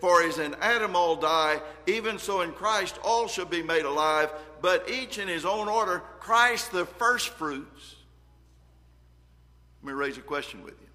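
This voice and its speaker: Reading scripture during a sermon, the preacher speaks unhurriedly, his bright, forceful voice pitched a little high. His volume rises and drops with earnest emphasis, and long reverb lingers in the hall after his words.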